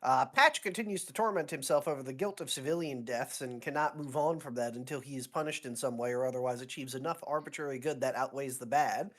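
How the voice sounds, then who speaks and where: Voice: mid-range voice, fast talker, few pauses, natural voice. A player with a sore throat voicing an earnest young male pilot lieutenant in a tabletop role-play, answering with polite, clipped military replies. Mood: dutiful.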